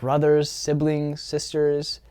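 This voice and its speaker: A man's voice: fairly high pitch, completely flat delivery, slow, darkish tone, clean tone, dry recording. A man giving an earnest self-help talk as a coach, often repeating phrases for emphasis. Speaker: social skills coach.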